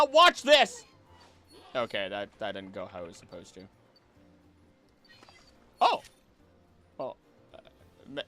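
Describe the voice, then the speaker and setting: A man's voice: medium pitch, vocal fry, a bit bright. A young man streaming a game live, chatting playfully with his viewers and the creatures on screen. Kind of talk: live gameplay commentary.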